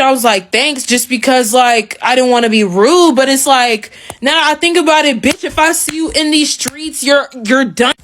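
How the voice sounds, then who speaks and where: A young woman from Nigeria telling a story casually, animated and swearing a lot, with many "like"s. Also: high-pitched. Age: young adult. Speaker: clip storyteller.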